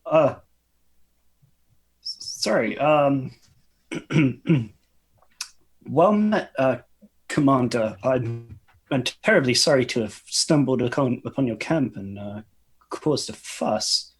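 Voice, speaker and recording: Slow, husky, stammering polite man. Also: mid-range voice. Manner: hesitant, overly polite, stammering. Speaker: player. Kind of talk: in-character role-play as a polite sorcerer.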